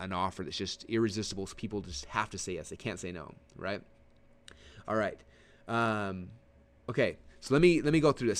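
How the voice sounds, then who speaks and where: A man leads a recorded webinar lesson at a brisk clip. His delivery is emphatic and animated, spilling out in quick, conversational bursts with plenty of restarts. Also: fairly low pitch. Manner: energetic and emphatic, sitting forward and gesturing; conversational with frequent fillers and restarts. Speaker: online marketing instructor.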